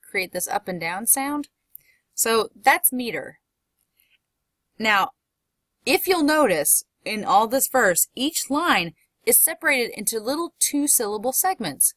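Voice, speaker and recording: A woman professor giving a recorded lecture, explaining step by step and reading poetry aloud slowly. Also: mid-range voice, a bit bright, no room sound.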